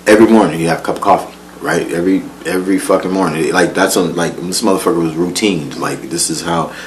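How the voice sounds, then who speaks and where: A man recounts his life story in casual, profane slang, laughing often, repeating words, and continually asking "you know what I'm saying." He has a low voice and talks fast, on a low-quality recording with some hiss or hum.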